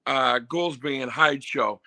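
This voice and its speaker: A man's voice: medium pitch, takes it slowly, bright, forceful tone. A man calling in to a sports show, chatting in a friendly way and thinking aloud with fillers. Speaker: caller. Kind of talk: casual call-in chat.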